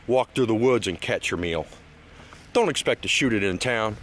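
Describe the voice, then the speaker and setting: A man's voice: lowish voice, normal speed, a bit bright. A middle-aged man from Washington State rambling through a casual outdoor vlog by a lake, with lots of restarts and fillers, and getting emphatic when he scolds. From Washington State, USA. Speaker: vlogger. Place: outdoors at a lakeside park.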